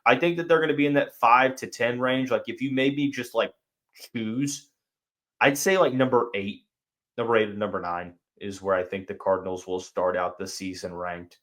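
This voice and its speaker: A man's voice: on the low side, steady tone, normal speed, fairly bright tone. A young man hosting a sports podcast, chatting casually and thinking aloud with fillers and restarts. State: has the hiccups. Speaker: podcast host.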